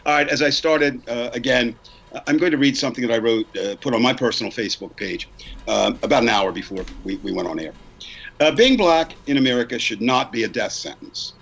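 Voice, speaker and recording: Husky sixty-something guy reading his own post, earnest and measured, dull lo-fi call sound. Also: medium pitch, lively intonation, a bit bright. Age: 60s. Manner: earnest, measured, repeats for emphasis. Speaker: podcast co-host. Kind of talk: reading a prepared statement.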